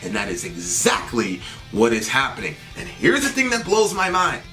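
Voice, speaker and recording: A man's voice: medium pitch, huge pitch swings, normal speed, music in the background. A man co-hosting a political talk show, venting in indignant, sarcastic bursts. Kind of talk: heated political commentary.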